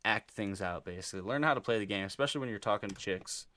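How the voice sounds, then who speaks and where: A young man gives casual, rambling reaction commentary, his talk loose and full of fillers. His voice sits a little low. The recording is dry, with almost no room sound. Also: quick pace, pushed and bright, no room sound. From United States. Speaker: reaction video host.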